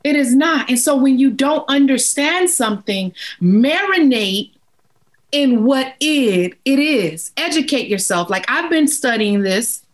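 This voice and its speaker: High-voiced, slow, emphatic woman. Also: expressive, low-quality recording. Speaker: grief educator guest. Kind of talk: interview, earnest advice.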